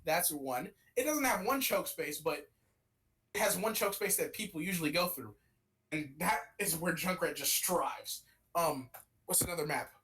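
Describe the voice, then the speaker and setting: A man's voice: fairly high pitch, lively intonation, moderate pace, sharp tone, rough recording. A young man co-hosting a casual gaming podcast, rambling and swearing as he ranks characters. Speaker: podcast co-host.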